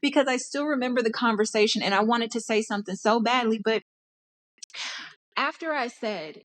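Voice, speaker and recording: A woman's voice: medium pitch, fairly quick, fairly bright tone. Podcast host: young woman from Dallas, Texan accent, candid, passionate monologue, frequent restarts. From Dallas, Texas. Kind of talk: personal monologue.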